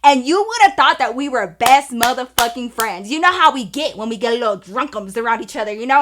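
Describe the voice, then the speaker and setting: A woman in her twenties telling a casual, profane story time to her viewers, animated and chatty. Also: high-pitched, fairly quick, few pauses, heavy background noise. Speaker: storytime vlogger.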